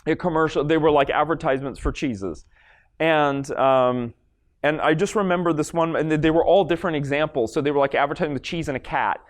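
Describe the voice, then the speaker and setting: A man with a fairly high-pitched voice, speaking fairly quickly, gives a live stage lecture to an audience demonstrating a brain scan. He's from Los Angeles and his talk is casual and rambling, full of fillers and restarts.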